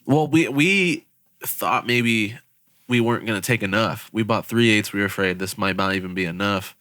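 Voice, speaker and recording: A man's voice: on the low side, normal speed, sharp tone, dry recording, clean studio sound. A young man co-hosting a podcast, telling a story in casual chat. He laughs often and swears freely. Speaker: podcast co-host.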